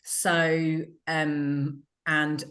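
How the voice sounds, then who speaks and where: On a casual video call, a British woman co-hosts and tells stories, rambling, mocking herself, and laughing often. Her low voice is a bit bright, very slow, and shows little pitch movement.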